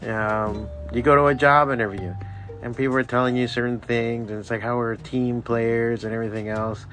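A man's voice: mid-range voice, fairly even intonation, brisk, a bit bright, soft background music. A man hosting a podcast, ranting in a rambling, heavily profane way and laughing at his own jokes. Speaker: podcast host. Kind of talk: profane solo podcast rant.

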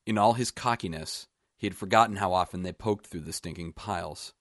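Deep-voiced man reading a short story. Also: no room sound, studio quality. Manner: measured, even storytelling. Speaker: author reading his own story.

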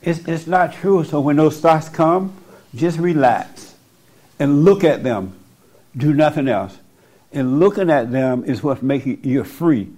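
A man with a voice on the high side and a darkish tone speaks expressively at a measured pace into a microphone. Bluntly and insistently, he gives spiritual counsel to someone in front of him, driving points home through repetition.

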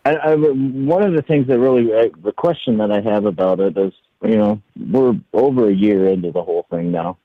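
A man's voice: fairly low pitch, normal speed, few pauses, dry recording. A middle-aged man from New York calling in to a show, musing aloud and searching for his words. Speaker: caller. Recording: tinny phone line.

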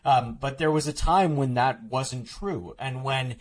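A man's voice: medium pitch, unhurried. A man talking as an author guest in a podcast interview, explaining at length with many restarts and filler words.

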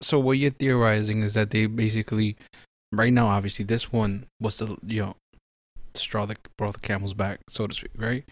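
Wry low-voiced New man. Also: flat delivery, moderate pace. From the Bronx, New York. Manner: wry, questioning, swears casually. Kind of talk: casual podcast chat.

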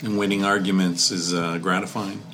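Deep-voiced male interviewer. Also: level tone, moderate pace, a bit bright, slight background noise. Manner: brief backchannels and short interjections. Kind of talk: casual interview.

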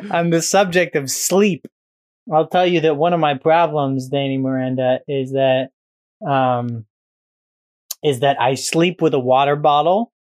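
A man's voice: a little high, fairly even intonation, takes it slowly, long pauses, a little mellow, no room sound. A man on a podcast, chatting casually in a rambling, profane, joking way. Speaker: podcast guest.

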